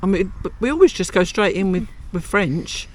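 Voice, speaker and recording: A man's voice: sits high, lively intonation, normal speed, slight background noise. A man from England with a South London accent, co-hosting a casual home podcast in a chatty, self-deprecating way. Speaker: podcast co-host. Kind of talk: casual chat. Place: home in France.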